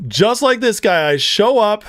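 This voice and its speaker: A man's voice: high-pitched, sing-song, a little slow, fairly bright tone, no echo, clean studio sound. A man hosting a political commentary show, ranting with heated scorn and slipping into storytelling asides. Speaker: show host.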